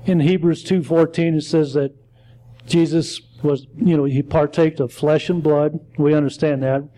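A man teaching a Bible study in a halting way, often stumbling and correcting himself as he reads and explains. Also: a little high, fairly even intonation, warm tone, poor audio.

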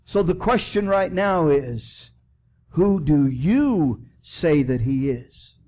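A man preaching a sermon in church as pastor, swinging from loud emphatic preaching to soft, prayerful appeals. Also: fairly high pitch, lively intonation, takes it slowly.

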